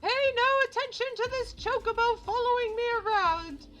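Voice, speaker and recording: A woman voicing a disguised beggar woman in a put-on Cockney accent, pleading for coin in a high, chirpy voice. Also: moderate pace, a bit bright, highs cut off, soft background music.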